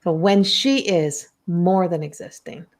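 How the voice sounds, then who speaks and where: A woman's voice: on the low side, measured pace. Chatty woman podcast host. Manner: animated storytelling, heavy use of "like". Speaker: podcast host and spiritual coach. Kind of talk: casual podcast conversation.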